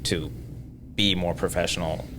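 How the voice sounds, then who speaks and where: Man, very deep voice, blunt and emphatic, casual podcast guest, clear background noise. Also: steady tone, normal speed. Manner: blunt, emphatic, speaks from experience. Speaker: gym owner and trainer, podcast guest.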